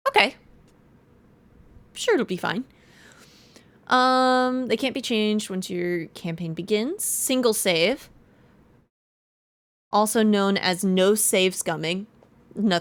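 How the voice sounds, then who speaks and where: Lively woman game streamer. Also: fairly high pitch. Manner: chatty, reads menu text aloud. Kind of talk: casual live-stream commentary.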